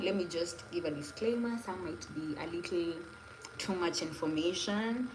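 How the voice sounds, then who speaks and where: A young Kenyan woman with a fairly low voice chats loosely on a phone livestream, rambling from one story to the next with a Kenyan accent. Her voice rings in an echoey room, with faint noise underneath. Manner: chatty, rambling, laughing asides. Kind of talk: casual live stream chat.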